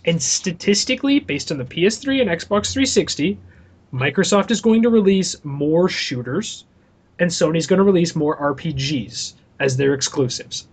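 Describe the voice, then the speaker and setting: A man's voice: on the high side, animated, normal speed, breathy edge. A young adult man co-hosting a casual podcast, ranting animatedly and swearing freely. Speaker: podcast co-host.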